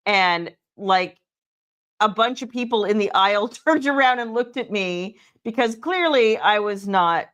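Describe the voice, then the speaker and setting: A woman's voice: medium pitch, animated, unhurried, a bit bright, smooth. An American woman co-hosting a casual livestream, chatty, laughing often and reading viewer comments aloud. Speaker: livestream co-host.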